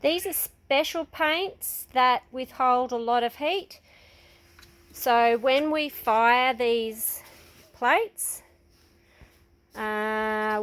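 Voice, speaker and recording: A woman's voice: on the high side, a bit bright. A woman teaching a casual ceramics workshop, patiently explaining each step while guiding children as they paint. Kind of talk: casual hands-on demonstration.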